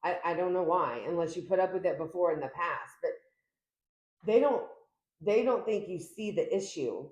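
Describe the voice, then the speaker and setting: A woman's voice: expressive, moderate pace, a little mellow. Chatty woman giving a tarot reading. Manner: chatty, emphatic, acts out quoted lines with big pitch jumps. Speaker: tarot reader. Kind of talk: casual tarot reading to camera. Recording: echoey room.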